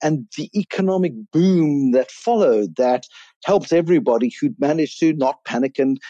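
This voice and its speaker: A man from Africa, a business author answering interview questions in a wry, animated storytelling way. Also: fairly high pitch, normal speed, dry recording, dull audio. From South Africa.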